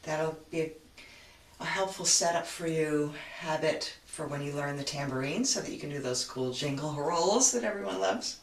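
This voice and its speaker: A woman's voice: sits low, moderate pace, slight background noise. A woman teaching a frame drum class over a video call, patient and chatty, thinking aloud as she explains. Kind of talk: online drum lesson. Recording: roomy, distant, loud drumming behind.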